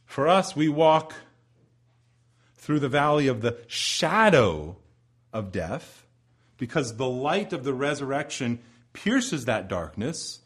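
Emphatic male preacher with lively pitch. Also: husky. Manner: emphatic preaching with dramatic pauses and swells. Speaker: pastor. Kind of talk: sermon.

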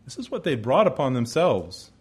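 A man preaching a sermon in an earnest way, building to emphatic peaks and then dropping low and quiet. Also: very animated, normal speed, slightly rough. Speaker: pastor.

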